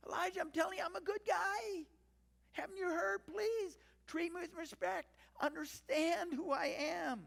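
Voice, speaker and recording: An anxious male servant begs to be treated with respect, close to tears, his voice pitched well up and strained , as a preacher puts him on. Every word trails off into a long, ringing hall echo. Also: moderate pace, gravelly, a bit bright, full character voice. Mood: pleading. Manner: pleading, near tears. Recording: long church reverb.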